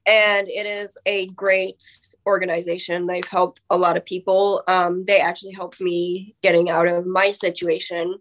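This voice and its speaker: A woman's voice: lowish voice, flat delivery, moderate pace, hardly any pauses, a bit bright. A woman who is a guest on a casual podcast, talking in an earnest, candid way and swearing casually.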